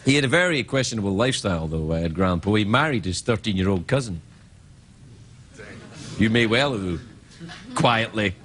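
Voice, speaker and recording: A Scottish man in his fifties, a late-night talk show host rambling through a self-mocking comedy monologue, breaking into loud squawking impressions. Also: on the low side, lively intonation, fairly quick, pauses often, noisy background. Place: TV studio with live audience.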